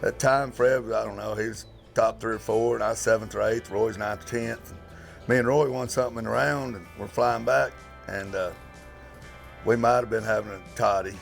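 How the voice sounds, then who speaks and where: Gravelly man spinning a yarn. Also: on the low side, steady tone, a little fast, faint music behind. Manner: rambling, folksy anecdotes. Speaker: interviewee, fellow roper. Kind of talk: storytelling in a casual interview.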